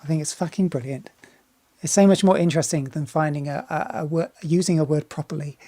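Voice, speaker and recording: A woman's voice: deep voice, fairly even intonation, fairly quick, dark tone, no room sound. A woman singer talking casually as she reacts to a music video, often restarting and repeating words, swearing freely and getting enthusiastic.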